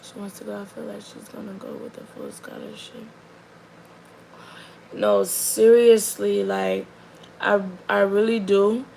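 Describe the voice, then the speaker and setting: Chatty mother with a gravelly voice. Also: mid-range voice, unhurried, poor audio. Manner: animated, chatty, lots of fillers. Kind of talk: casual storytelling chat. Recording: faint background noise.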